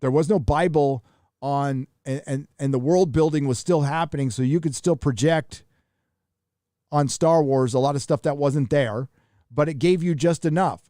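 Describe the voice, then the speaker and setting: A man's voice: on the high side, normal speed, warm tone, no room sound, clean studio sound. A man hosting a live stream, chatting casually and reading out viewer donations in a rambling, profane way. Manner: rambling, profane, reads chat donations aloud.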